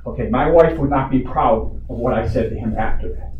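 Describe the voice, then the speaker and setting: A man's voice: mid-range voice, fairly quick. A man telling a board his complaint at a community meeting, indignant and full of rhetorical questions. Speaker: resident addressing a community board. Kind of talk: public comment at a meeting. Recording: echoey room, distant mic, dull sound, faint hiss.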